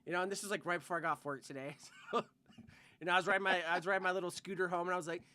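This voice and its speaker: A man's voice: high voice, steady tone, rapid-fire, pushed and bright. A young man co-hosting a podcast, telling a rambling work story full of "like" and swearing in casual chat. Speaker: podcast co-host.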